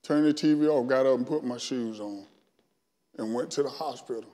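A man's voice: mid-range voice, moderate pace, mellow. A middle-aged man from Alabama with a Southern accent, telling his testimony as a guest speaker in a church sermon, acting out his own past dialogue. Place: church sanctuary. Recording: long church reverb.

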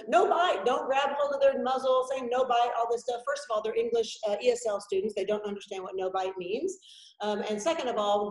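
A woman dog trainer teaching an online class in a chatty, animated way, talking over a video call. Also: on the high side, reverberant, rough recording. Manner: chatty and animated, acts out puppies and dramatic yelps. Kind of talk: informal online class lecture. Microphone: video call microphone.

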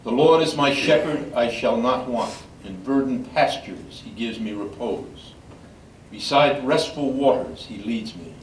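An older man, a priest, reading scripture in a measured, solemn way at a memorial service. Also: mid-range voice. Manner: measured solemn reading, halting when speaking freely. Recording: echoey room from far off, faint background noise.

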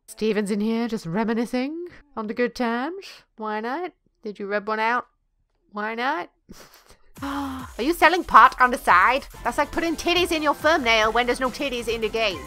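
A woman narrates her own gameplay in a crude, excitable rush, swearing freely at the characters on screen. Her voice sits a little high and has a bright, cutting edge. Faint music plays underneath. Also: normal speed. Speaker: let's play gamer. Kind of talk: gameplay commentary.

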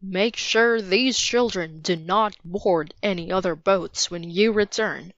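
A woman's voice: medium pitch, takes it slowly, no room sound, highs cut off. A woman reading as a stern army general. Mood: commanding. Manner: quiet and stern. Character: stern commanding male general, furious.

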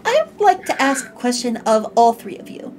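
A woman's voice: a little high, big pitch swings, moderate pace, crowd noise. A woman hosting a casual podcast, explaining with emphasis. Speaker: podcast host. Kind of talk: casual chat.

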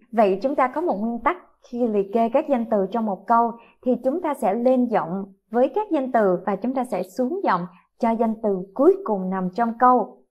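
A native Vietnamese speaker with a Vietnamese accent teaches an English lesson to children, her voice a little high and a little mellow. She speaks in a slow, deliberate, instructive way.

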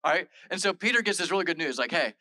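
A man's voice: sits high, lively intonation, very fast, pushed and bright, dry recording, low-quality recording. A male pastor giving a casual, conversational sermon, retelling scripture in everyday modern speech with lots of "like" and "all right". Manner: chatty and informal, full of "like" and "all right".

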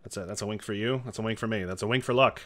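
A man streaming a video game live, reacting excitably and chatting to his viewers. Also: fairly low pitch, very fast. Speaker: Twitch streamer.

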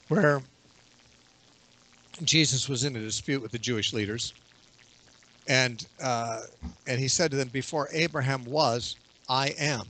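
Measured man explaining scripture. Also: medium pitch, fairly bright tone. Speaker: bible teacher. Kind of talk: radio interview.

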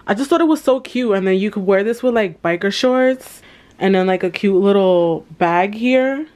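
A woman's voice: medium pitch, normal speed, darkish tone. Chatty young woman vlogging casually. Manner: chatty, laughs often, casual slang. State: stuffy nose. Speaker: beauty vlogger. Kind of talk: casual vlog narration.

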